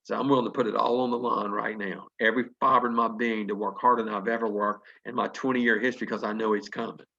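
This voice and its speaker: A man's voice: fairly low pitch, flat delivery, quick pace, creaky, few pauses, bright, forceful tone, muffled recording. A Southern man in his fifties from North Carolina, telling earnest, folksy stories as a motivational speaker on a video call. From North Carolina, USA. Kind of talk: motivational storytelling.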